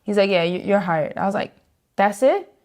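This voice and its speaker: A young woman, a saxophonist being interviewed, telling stories in an animated way, laughing often and acting out the voices of the people in them. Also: medium pitch, quick pace. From New York. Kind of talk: animated storytelling with acted-out quotes.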